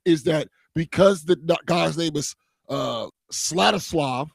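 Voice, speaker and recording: A man's voice: a little high, measured pace, creaky, no echo. A man co-hosting a casual sports talk show, giving opinionated, rambling analysis.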